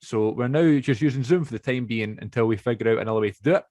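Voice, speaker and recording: On a video call, a young man hosting a podcast talks casually in a rambly way, frequently correcting himself. He speaks fast at a medium pitch with a dark tone, captured dry and close with no echo.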